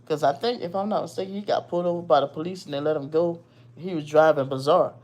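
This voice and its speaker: A woman recounts a story from her own life in a loose, conversational way. She is blunt and swears freely. She keeps the telling animated throughout. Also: deep voice, fast talker. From Virginia. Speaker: host telling a personal story. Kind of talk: casual storytelling.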